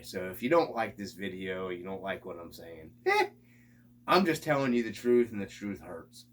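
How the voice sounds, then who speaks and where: A man vents in a casual vlog rant. His pitch swings up and down as he grows exasperated. He talks loosely and swears often. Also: fairly bright tone. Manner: exasperated, ranting, swears freely. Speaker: RC hobby channel host.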